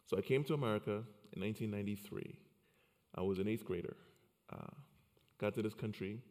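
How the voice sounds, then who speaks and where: A man's voice: on the low side, a little fast, a little mellow. A man in his forties from Liberia telling his personal story in an earnest way, often repeating words as he starts a thought. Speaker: speaker. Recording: long hall reverb.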